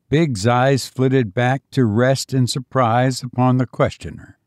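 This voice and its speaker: A man narrating an audiobook story in a measured, expressive way. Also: medium pitch, no room sound, clean studio sound.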